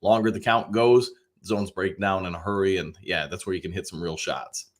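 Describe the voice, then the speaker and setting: A man's voice: low-pitched, fairly even intonation, moderate pace. A man hosting a live football talk show, reading viewer comments and giving his take in a rambling, casual way with lots of restarts. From Detroit area. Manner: chatty, rambling with frequent restarts and fillers; greets viewers by name, upbeat.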